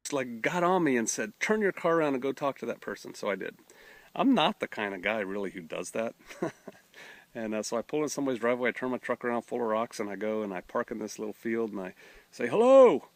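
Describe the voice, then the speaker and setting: Gravelly drawling pastor. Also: male voice, on the low side, quick pace, no room sound. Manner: folksy, drawling, acts out voices in his story. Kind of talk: storytelling testimony.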